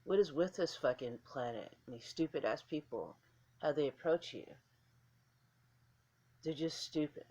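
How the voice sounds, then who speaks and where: A woman's voice: low-pitched, animated, a little slow, long pauses, warm tone. A woman vlogger talking casually to camera in a blunt, candid way, swearing freely.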